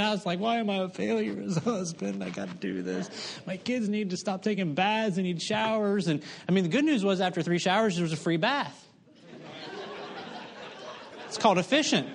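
Male preacher, middle-aged, folksy storyteller, pokes fun at himself, a bit high-pitched. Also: fairly bright tone. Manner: folksy storytelling, self-mocking humor. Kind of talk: sermon.

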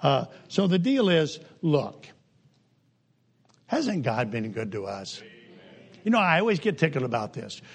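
An older man preaching a humorous sermon in a folksy, joking way, with sudden jumps in pitch and pace. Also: very animated, a little slow, creaky, pauses often, breathy edge.

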